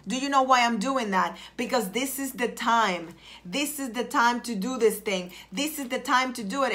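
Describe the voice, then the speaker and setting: A woman with a bright, fairly high voice coaches her viewers live. She speaks in a preachy, emphatic way, hammering her points home through repetition and greeting her audience by name. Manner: preachy, emphatic, repeats phrases. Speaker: life coach. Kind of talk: live-streamed motivational talk.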